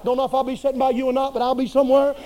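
A man preaching a sermon in a folksy, humorous and colloquial way, swinging between quiet asides and loud bursts. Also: extremely high pitch, completely flat delivery, rapid-fire, poor audio.

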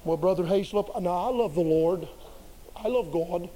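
A man putting on the voice of a calm, unemotional churchgoer, speaking in a subdued, matter-of-fact way. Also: high-pitched, normal speed, a little hiss or hum, pitched below the performer's own voice, natural voice, poor audio. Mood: flat. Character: plain-spoken churchgoer, calm and unexcitable.

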